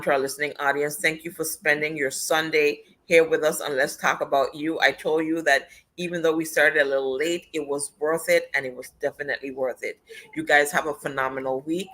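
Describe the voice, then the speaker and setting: Woman host, effusive, thanks everyone over and over, bright, forceful voice. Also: deep voice, steady tone, a little fast, rough recording. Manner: effusive, repeats thanks and praise. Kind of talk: closing remarks on a panel talk show.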